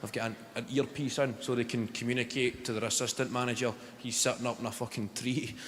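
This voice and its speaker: A man's voice: medium pitch, flat delivery, quick pace, very noisy. A young Scottish man doing live stand-up comedy, teasing the front row and swearing freely. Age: young adult. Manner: crowd banter, sweary and teasing. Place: large theatre stage, indoors. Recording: roomy live hall with loud crowd.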